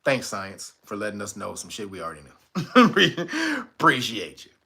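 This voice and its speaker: A man's voice: fairly low pitch, huge pitch swings, moderate pace, creaky, pushed and bright, slightly rough. A man hosting a livestream, telling a casual, profane story and laughing often. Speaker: livestream host.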